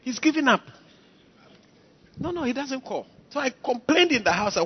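A man preaches with a high, animated voice that swoops up and down as he drives his points home. He repeats key phrases for the congregation. The recording sounds dull and lo-fi. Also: moderate pace, pauses often, slightly rough. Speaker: pastor. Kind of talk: sermon.

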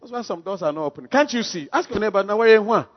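A man preaching a sermon. He is emphatic, swings from quiet asides to shouted calls, and keeps asking rhetorical questions. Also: high voice, lively intonation, quick pace. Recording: dull lo-fi sound with long hall reverb.

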